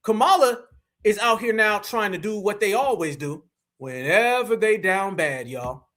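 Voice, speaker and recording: Host, male, high, ringing voice, preachy livestream commentary. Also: animated, unhurried, a bit bright. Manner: preachy, rallying, talks straight to viewers.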